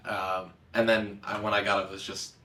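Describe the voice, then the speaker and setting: Low-voiced young man, slightly hoarse. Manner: relaxed, halting, filler-heavy. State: slightly hoarse after singing. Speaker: musician guest. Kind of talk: casual interview answers. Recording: echoey room, a bit far from the mic.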